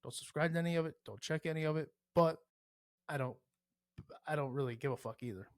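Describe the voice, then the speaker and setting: A man's voice: on the high side, quick pace, dry recording, studio quality. A man hosting a podcast alone, rambling casually and cursing often, comparing everything to sports. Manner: profane, rambling, animated with sports analogies. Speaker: podcast host. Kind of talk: casual solo podcast rant.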